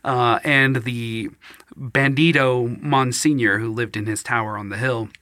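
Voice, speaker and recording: A man's voice: mid-range voice, fairly even intonation, a little slow, bright, forceful tone, no room sound, clean studio sound. A man casually retelling a legend to a co-host, rambling with lots of fillers. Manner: rambling, filler-heavy, slips into mock-archaic reading voice. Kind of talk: casual chat, storytelling.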